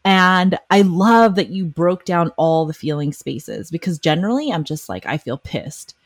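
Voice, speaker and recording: Woman podcast host, low-ish voice, animated talker, dry close sound. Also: normal speed, dry recording. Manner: animated, acts out quoted lines in other voices. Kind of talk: casual podcast conversation.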